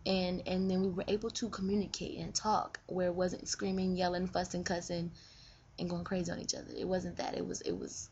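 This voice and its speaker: A woman's voice: mid-range voice, level tone, a little fast, a little mellow. A woman vlogger giving relationship advice in a casual, earnest and frank way, often repeating herself. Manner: earnest, repetitive, frank with occasional cursing. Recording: dull lo-fi webcam audio with faint hiss.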